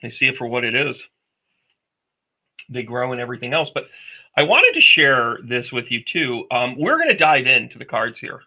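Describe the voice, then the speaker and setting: A man's voice: medium pitch, big pitch swings, normal speed, muffled recording. A man hosting a psychic medium livestream, talking to viewers in a rambling, chatty way with jokey asides. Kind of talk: casual livestream chat.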